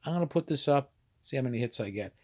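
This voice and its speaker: A man's voice: mid-range voice, expressive, quick pace, dark tone. Rambling Jersey Italian-American man. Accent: New Jersey Italian-American. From northern New Jersey. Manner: rambling, streetwise, swears casually. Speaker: vlogger. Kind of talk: casual monologue.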